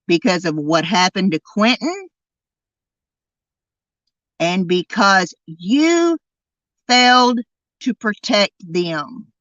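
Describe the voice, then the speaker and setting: Indignant woman, slow dry commentary. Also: mid-range voice, animated, fairly bright tone, no echo, lo-fi sound. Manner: indignant, repetitive, emphatic; drawls key words slowly for emphasis. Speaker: true crime podcast host. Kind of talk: angry commentary monologue.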